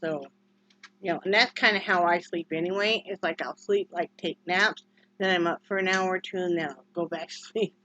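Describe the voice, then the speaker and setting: A woman's voice: mid-range voice, moderate pace, sharp tone, dry recording. A woman from Wyoming chatting casually in a home vlog, rambling and short on sleep, who often slips into fond baby talk with her dog. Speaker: vlogger. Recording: dull lo-fi home recording.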